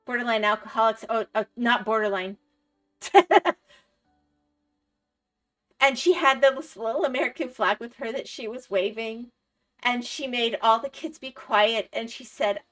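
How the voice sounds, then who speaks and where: A woman's voice: fairly high pitch, a little slow, pauses often, fairly bright tone, soft background music. A middle-aged woman livestreaming, chatting casually and rambling through stories, laughing often and answering her chat. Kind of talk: casual chat while gaming.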